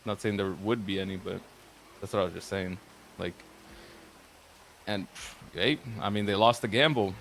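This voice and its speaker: A man's voice: deep voice, normal speed, gravelly, long pauses, a bit bright, a little hiss or hum. A man casually recounting a roleplay session, rambling and cursing as he quotes the others back and forth. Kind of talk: casual storytelling.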